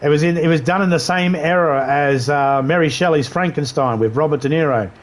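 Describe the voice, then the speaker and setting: A man's voice: fairly high pitch, a little fast. A man streaming a video game live, riffing in crude, rambling banter and laughing at his own jokes.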